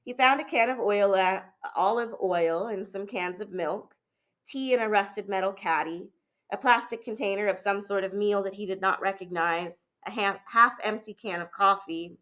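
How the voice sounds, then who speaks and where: A woman teacher reads a novel aloud at a measured, steady pace, now and then pausing on a filler or restarting a word. Her voice is bright and forceful, with a middling pitch.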